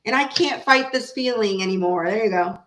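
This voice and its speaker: A woman hosting a casual live tarot reading, chatty and animated, talking straight to her viewers. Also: mid-range voice, a little fast, echoey room, low-quality recording. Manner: chatty, animated, laughs often, talks to her chat. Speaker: tarot reader and live stream host.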